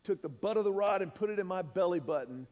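A man's voice: high-pitched, fast. A man preaching a storytelling sermon in a large church auditorium, acting out sound effects as he goes. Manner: animated, acts out sound effects. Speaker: pastor. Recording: echoey church hall, dull sound.

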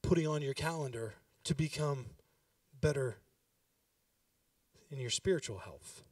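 A man's voice: on the high side, unhurried, no echo, distant mic. A pastor in his thirties giving a sermon, talking with the congregation and building to emphatic exhortation.

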